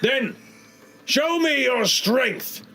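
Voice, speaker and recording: A man voicing an actor who plays a dark king in a tavern melodrama, booming and over the top. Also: sing-song, extremely slow, crowd noise, exaggerated voice. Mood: defiant. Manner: hammy, booming theatrical villain. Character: pompous male actor playing a dark king.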